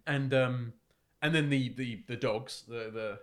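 A man co-hosting a casual film podcast, thoughtful and halting, often restarting his sentences. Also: medium pitch. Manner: hesitant, many fillers and restarts, reflective. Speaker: podcast co-host.

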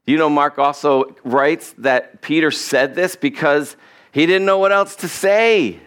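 A man's voice: a little high, measured pace, fairly bright tone, clear, resonant tone. A male pastor giving a conversational sermon, acting out the lines he quotes and chuckling as he goes.

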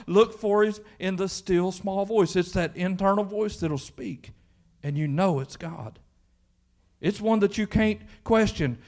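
A man's voice: high voice, normal speed. A man preaching a folksy sermon in church, acting out the voices from the Bible story. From Kentucky. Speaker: pastor.

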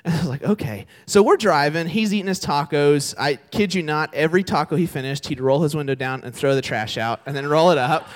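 A man's voice: a little high, a little fast, hardly any pauses. A young man preaching a sermon to a live audience, telling a story in a casual, chatty way and often checking in with the crowd. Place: church service before an audience.

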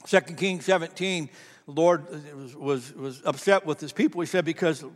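High-voiced male pastor, echoing hall. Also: normal speed. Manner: conversational, repeats words, laughs at own stories. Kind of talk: sermon with storytelling. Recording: long reverb of a large hall.

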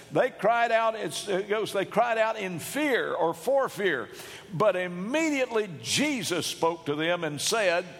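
A man preaching a sermon, emphatic, rising to loud shouts when he quotes. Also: fairly high pitch. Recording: long hall reverb.

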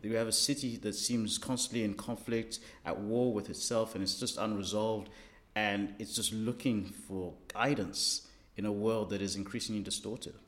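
Man from South Africa, hosting a casual chat, deep-ish voice, pauses and restarts. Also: fairly even intonation, a bit bright. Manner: thoughtful, halting, with fillers. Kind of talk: casual group discussion.

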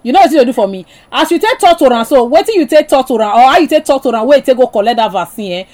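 A woman hosts a radio phone-in in Nigerian Pidgin. Her voice sits somewhat high, and she keeps the conversation going in a chatty, encouraging way. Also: animated, very fast, a little mellow. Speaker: radio host.

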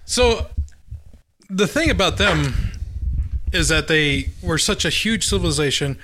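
A man co-hosting a podcast in casual chat, tossing out quick jokes and giggling. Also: on the high side, animated, sharp tone, slight background noise. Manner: jokey, quick quips, giggly. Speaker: podcast co-host.

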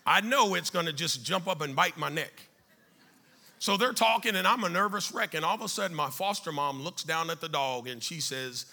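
A middle-aged man telling a life story to an audience, animated and then dropping quiet and serious. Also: a little high, gravelly. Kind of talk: storytelling talk.

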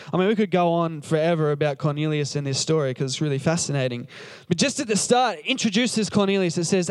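A man preaching casually, retelling a Bible story in a chatty, joking way and acting out the characters' lines. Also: high-pitched. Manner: conversational, jokey, acts out the characters' lines. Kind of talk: casual sermon retelling scripture.

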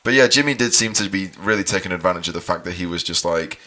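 A man's voice: low-pitched, fast talker, sharp tone. A man chatting casually with friends, rambling and sweary, laughing often as he tells a story. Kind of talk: casual chat among friends.

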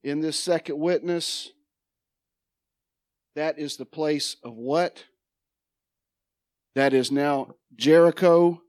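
A man's voice: on the high side, fairly even intonation, slow, long pauses, a little mellow. A man preaching a sermon about his own testimony, emphatic, repeating phrases and asking the congregation questions. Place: church sanctuary.

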